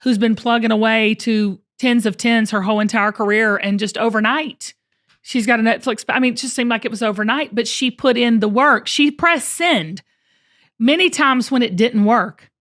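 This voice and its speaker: A woman's voice: on the high side, moderate pace, fairly bright tone. A middle-aged woman, hosting and coaching her guests, earnest and emphatic, often repeating words as she presses a point. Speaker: host and coach. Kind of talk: encouraging coaching talk.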